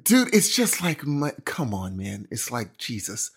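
A man's voice: medium pitch, wildly swooping pitch, a little slow, slightly rough. A young man co-hosting a casual chat, telling rambling stories in an exasperated way. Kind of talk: casual banter.

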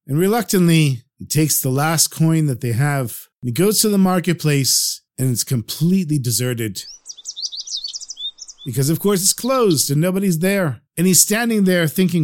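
Male storyteller, slightly high voice, lively pitch; narrates and performs the character dialogue himself. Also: normal speed. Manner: animated, shifts pitch for each character.

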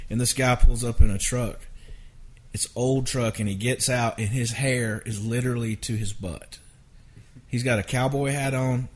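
Rambling middle-aged man storyteller. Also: fairly low pitch. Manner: rambling, animated anecdotes with self-restarts. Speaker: songwriter guest. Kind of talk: casual storytelling interview.

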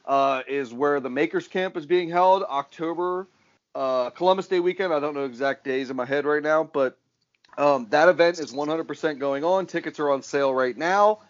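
A man's voice: fairly high pitch, moderate pace, lo-fi sound. A man hosting a podcast in casual chat, loose, joking and profane. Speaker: podcast host.

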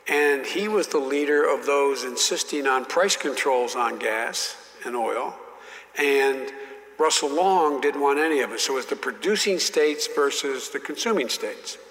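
An older man tells an anecdote in a halting, emphatic way and keeps restarting his sentences. His voice sits a little high and sounds bright and forceful. A long hall reverb hangs behind him. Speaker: storyteller, former senator. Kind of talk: anecdotal talk.

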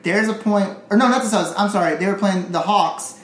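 A podcast co-host in casual chat, rambling quickly and swearing often. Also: medium pitch. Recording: echoey room, faint noise.

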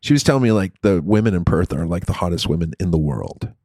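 A middle-aged man telling a story in casual chat, crude and profane with an animated, rambling delivery. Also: low voice, fast talker, no room sound, clean studio sound.

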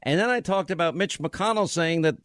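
A man hosting a talk radio show from a studio, ranting in a forceful, exasperated way into a studio mic. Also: a little high, a little fast, dry recording. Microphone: studio microphone.

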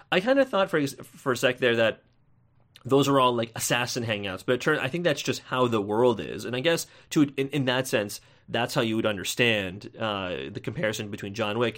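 A man hosting a podcast, giving a casual movie review in a rambling, chatty way with frequent tag questions and sudden jumps in pitch. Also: a bit bright. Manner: chatty, tags lines with "right?". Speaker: podcast host.

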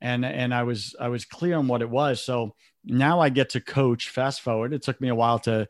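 A man's voice: medium pitch, steady tone, normal speed, no echo, studio quality. A man talking earnestly in short reflective phrases in a casual podcast conversation, as a business coach.

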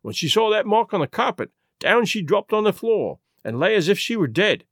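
A man's voice: high-pitched, very animated, moderate pace, fairly bright tone, no echo, clean studio sound, exaggerated voice. A man reading a story aloud and voicing a big, penitent police constable who rambles apologetically. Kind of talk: audiobook reading.

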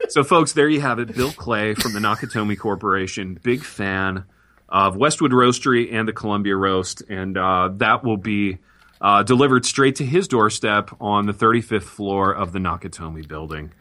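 A man with a low, bright, forceful voice trades improvised jokes on a comedy podcast. He keeps up a playful, deadpan mock-advertising tone while riffing with his co-host. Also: normal speed.

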